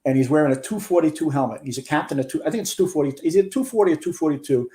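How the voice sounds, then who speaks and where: Speaking very fast in a dark voice on the high side, this man in his sixties recounts a major firefight as a podcast interview guest. A retired fire chief, he tells it earnestly, reliving every detail.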